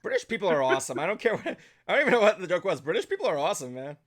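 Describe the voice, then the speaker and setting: A male podcast host with a slightly high voice, talking in a casual, excitable way. He swears freely and fills his sentences with "um" and "like". The chat is loose and unscripted. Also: very fast. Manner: excitable, swears freely, lots of filler words. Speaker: talk show host.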